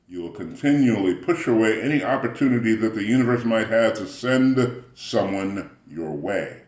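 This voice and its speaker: A man giving a rambling spiritual motivational talk, often clearing his throat as he muses. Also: fairly low pitch, expressive, normal speed, hardly any pauses, echoey room, highs cut off.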